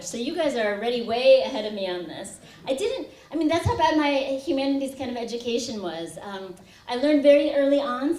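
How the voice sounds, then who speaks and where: A woman's voice: sits high, a little mellow. A woman poet giving a reading, telling personal stories in a chatty way and laughing often. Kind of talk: poetry reading with personal anecdotes. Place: university lecture hall. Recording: echoey hall from far off.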